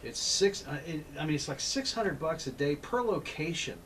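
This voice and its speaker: A man's voice: a little high, lively intonation, normal speed, a bit bright, a little hiss or hum, poor audio. A man hosting a casual talk show, telling long rambling stories full of restarts. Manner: rambling anecdotes with many restarts. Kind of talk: casual chat.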